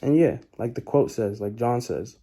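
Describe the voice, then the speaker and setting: A young man talks through some life advice in a relaxed, slangy way. His voice sits at a middle pitch with a warm, mellow tone, and he keeps circling back to repeat his main points. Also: normal speed. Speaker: vlogger giving life advice. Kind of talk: casual motivational talk.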